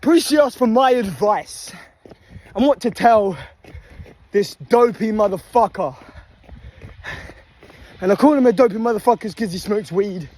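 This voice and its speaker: Out of breath from running, a young man holds his phone while jogging by a motorway at night and preaches a motivational rant laced with swearing. This fitness vlogger's high, darkish voice is expressive and unhurried, with frequent pauses.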